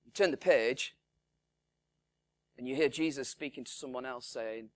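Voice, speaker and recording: A man's voice: medium pitch, measured pace, long pauses. Conversational man preaching. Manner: conversational preaching with acted-out dialogue, dropping to hushed tones. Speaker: pastor. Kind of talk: sermon.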